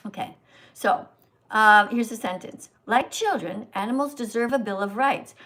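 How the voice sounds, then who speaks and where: An older woman hosting a livestream, lecturing and correcting a reader's pronunciation slowly and sternly. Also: a little high, fairly bright tone. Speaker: host, vegan teacher. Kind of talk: livestream reading lesson.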